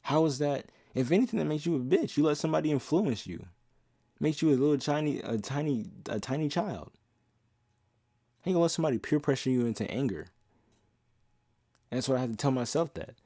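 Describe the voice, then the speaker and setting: A man's voice: a little high, expressive, a little fast, pauses often, warm tone, dry recording, clean studio sound. A young man talking casually and passionately as a podcast host, blunt and profane, sometimes half-singing lyrics. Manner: half-sings song lyrics he quotes. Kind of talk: casual monologue.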